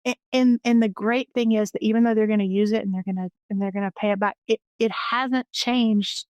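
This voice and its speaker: A woman's voice: medium pitch, fairly even intonation, a little fast, darkish tone, dry recording. Earnest woman telling stories, dry sound. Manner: earnest and enthusiastic, with many restarts. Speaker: interview guest, financial educator. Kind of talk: personal storytelling in an interview.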